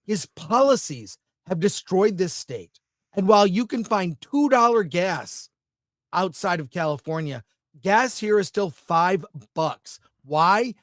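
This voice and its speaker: A man's voice: high voice, expressive, slow, fairly bright tone, no room sound, clean studio sound. A man co-hosting a podcast, speaking in an emphatic, opinionated way. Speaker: podcast co-host. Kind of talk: casual chat.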